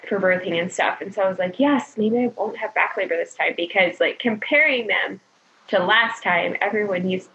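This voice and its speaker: A woman casually telling her birth story as a guest, chatty and animated, quoting people often. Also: mid-range voice, moderate pace, creaky. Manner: chatty, animated retelling with frequent "like" and laughter. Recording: dull lo-fi recording.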